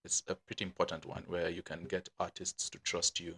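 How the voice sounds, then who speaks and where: A man's voice: deep voice, flat delivery, brisk, bright, forceful tone, breathy edge. A man with a Kenyan accent, a guest producer on a podcast, chatting casually in a teasing, jokey way.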